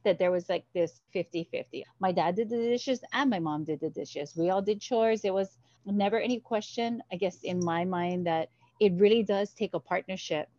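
Animated woman telling stories. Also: on the low side, normal speed, dry recording, lo-fi sound. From Hawaii. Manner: animated, acts out the voices in her stories. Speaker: guest. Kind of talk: storytelling interview.

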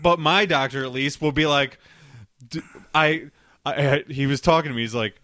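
A man's voice: fairly high pitch, moderate pace, bright, forceful tone, no room sound, studio quality. A man co-hosting a podcast, telling rambling stories in casual chat, swearing and laughing often. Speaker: podcast co-host.

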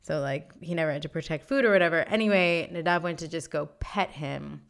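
A woman's voice: sits low, a little fast, gravelly. A woman co-hosting a podcast in casual chat, rambling with lots of "like" fillers. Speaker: podcast co-host.

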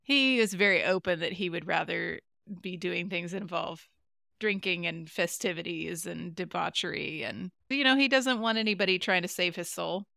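A woman's voice: lowish voice, normal speed, vocal fry, pushed and bright, dry recording, clean studio sound. A woman co-hosting a podcast, recapping an episode in casual chat and giggling often. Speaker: podcast co-host.

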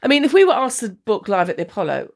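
Quick, direct woman comic in her fifties. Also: a little high, huge pitch swings, creaky. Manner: direct, rambling. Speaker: stand-up comedian. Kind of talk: casual chat.

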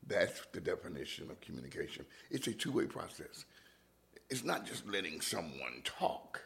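Brief: male host, very low gravelly voice, lively pitch, reflective monologue that slips into whispers. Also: moderate pace. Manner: musing, dips into whispers, with restarts. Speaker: podcast host.

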